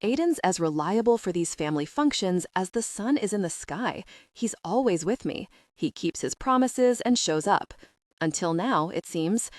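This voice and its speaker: A woman reading an audiobook in first-person narration, reflective and even. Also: medium pitch, moderate pace, no echo, clean studio sound.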